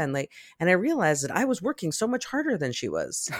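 A woman's voice: deep voice, animated, brisk, hardly any pauses, no echo. Woman cohost chatting, thoughtful, reads comments, dry close sound. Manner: reflective, reads out listener comments. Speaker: podcast co-host. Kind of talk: casual chat.

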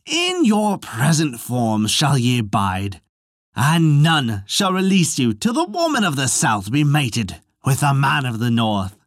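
Reader doing a cursing sorceress stepmother, slow solemn chant, swoopy pitch. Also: wildly swooping pitch, dry recording, studio quality. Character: vengeful enchantress stepmother casting a curse.

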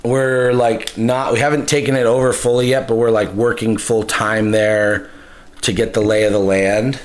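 A man's voice: fairly low pitch, little pitch movement, normal speed. Profane, rambling young man telling stories. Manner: loose, profane, rambling storyteller. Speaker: podcast co-host. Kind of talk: casual storytelling chat.

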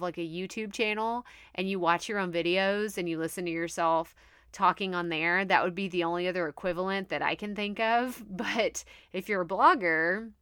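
Bright-voiced chatty Texan woman. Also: on the low side, clean tone, no echo, clean studio sound. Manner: chatty, upbeat, laughs often, says "like" a lot. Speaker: podcast host. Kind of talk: casual podcast monologue.

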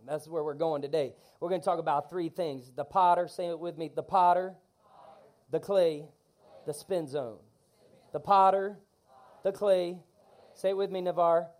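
Fired-up high-voiced man preaching. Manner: animated, call-and-response preaching. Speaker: pastor. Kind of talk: energetic sermon. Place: church.

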